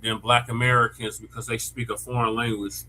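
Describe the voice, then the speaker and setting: A man's voice: medium pitch, little pitch movement, a little fast, pushed and bright, a little hiss or hum, low-quality recording. A man on a casual panel, speaking directly and correcting others.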